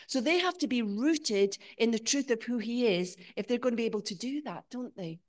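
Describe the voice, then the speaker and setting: A woman preaching a sermon in church, rising to emphatic peaks and dropping to quiet, searching questions. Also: fairly high pitch, animated, moderate pace.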